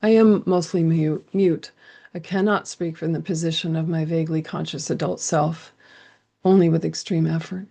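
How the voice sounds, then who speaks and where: A woman host reading from her journal and commenting on it in an intimate, earnest, sometimes halting way. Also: deep voice, steady tone, gravelly, dark tone. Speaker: host sharing a personal account.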